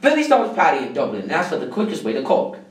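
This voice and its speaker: A man reading a countdown of jokes, jumping up in pitch for the quoted lines. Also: huge pitch swings, quick pace, echoey room, distant mic, rough recording. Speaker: joke reader.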